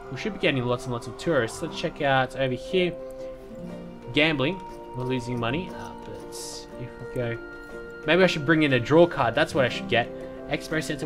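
A man giving casual, rambling commentary while playing a city-building game, with lots of fillers and restarts. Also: mid-range voice. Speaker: let's play commentator.

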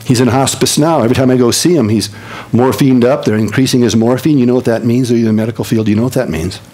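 An older man preaching a sermon as pastor, telling stories with lively swings from excited high tones to low hushed earnestness. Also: fast talker, low-quality recording.

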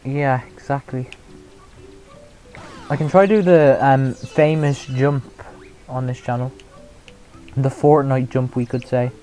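A young man streams a game and chats with his viewers, teasing himself about his play and laughing often. His voice sits at an ordinary middle pitch. Faint game music plays behind him. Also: steady tone, slow, long pauses, rough recording. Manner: self-mocking, chatty, reacts loudly and laughs often. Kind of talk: casual live gameplay commentary.

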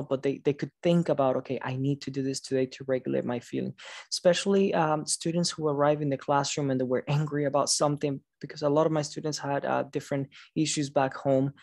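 A man's voice: on the high side, a little mellow, no echo, studio quality. Tired man presenting over a video call. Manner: encouraging, reads out audience answers with praise; stumbles and restarts words now and then. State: tired, late at night. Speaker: conference presenter, teacher educator. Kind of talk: online conference presentation.

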